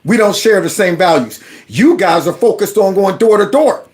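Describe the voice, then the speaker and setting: A man's voice: high voice, lively intonation, normal speed. A man hosting his own commentary channel, reacting to a news clip in an incredulous, ranting way and acting out quotes.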